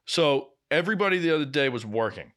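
Young man, podcast co-host, bright forceful voice, casual swearing chat. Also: on the high side, fast talker. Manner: swears often, animated storytelling.

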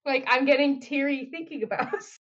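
Young woman, fairly high voice, talkative, laughing, lots of "like", muffled lo-fi audio. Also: a little fast, fairly bright tone. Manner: chatty, laughs often, says "like" a lot. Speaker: podcast co-host. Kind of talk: casual group chat. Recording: muffled lo-fi sound.

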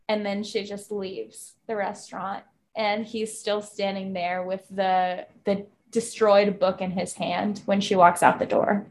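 A woman's voice: medium pitch, steady tone, measured pace. A woman co-hosting a casual book-club podcast, gushing about a novel with lots of filler words and free swearing. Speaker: podcast co-host.

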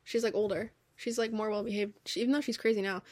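A young woman co-hosting a casual chat, telling a story in an animated, swearing way and laughing often. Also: medium pitch, fast, no room sound. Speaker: co-host.

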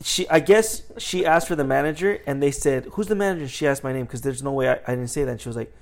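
A man's voice: fairly even intonation, fast talker, creaky. A young man in casual chat, telling jokey stories about his work as a store manager and putting on customers' voices. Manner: jokey storyteller, acts out customers with high voices.

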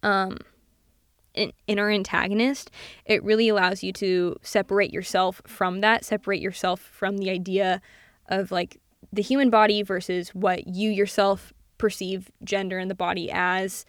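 A woman's voice: medium pitch, clear, resonant tone, dry recording, studio quality. A young woman hosting her own podcast, talking casually and animatedly about film, full of fillers and casual swearing. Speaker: podcast host. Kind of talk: casual solo commentary.

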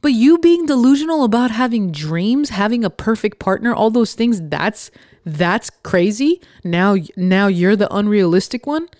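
Young woman host, sarcastic and blunt, dry close sound, mid-pitched voice. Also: expressive, a little slow, darkish tone, no echo. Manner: sarcastic, mocks others in put-on voices; profane and emphatic. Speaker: podcast host. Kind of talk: blunt motivational rant.

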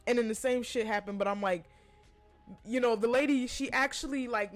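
A woman in her twenties telling a personal story in a casual, profane, exasperated way. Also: medium pitch. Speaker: podcast host.

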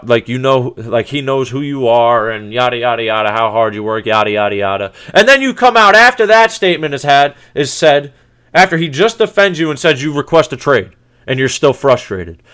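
A man's voice: medium pitch, a bit bright, smooth. A man hosting a sports podcast, ranting in a heated, profane, exasperated way, with many restarts. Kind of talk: casual sports rant.

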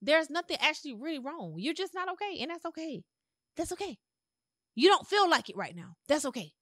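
Emphatic bright-voiced woman podcaster. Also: high-pitched, very animated, brisk, no room sound, studio quality. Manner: emphatic, repetitive, conversational preaching. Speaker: podcast host. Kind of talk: motivational monologue.

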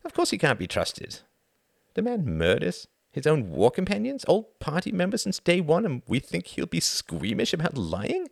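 A man's voice: on the high side, wildly swooping pitch, normal speed, vocal fry, no room sound, studio quality, voice pushed up, exaggerated voice. A man reading the part of a weary, cynical older aristocratic diplomat with a sardonic drawl.

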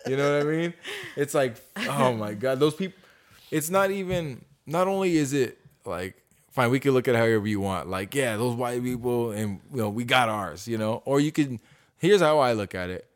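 Man podcast co-host, mid-range voice, loose and excitable. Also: mid-range voice, normal speed. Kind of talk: casual chat.

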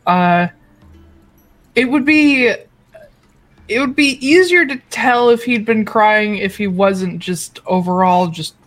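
A woman's voice: medium pitch, slow pace, pauses often. A woman running a tabletop game as game master, narrating scenes and bantering playfully with her players. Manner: laughs often, playful banter.

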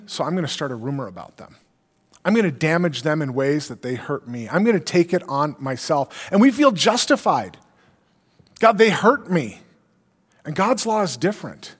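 Man preaching in an echoey hall. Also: fairly high pitch. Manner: earnest preaching, quoting scripture, rhetorical questions. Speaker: pastor. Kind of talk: sermon.

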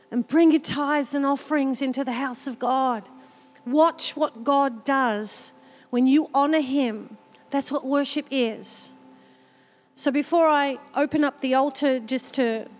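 Woman pastor preaching in church, high voice, long hall echo, emotional storytelling. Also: darkish tone. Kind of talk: sermon. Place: church service.

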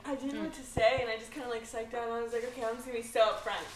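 Young female guest, fast bubbly talker, slightly high voice. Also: steady tone, over a noisy crowd. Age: young adult. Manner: quick and bubbly, quotes herself. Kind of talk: casual chat.

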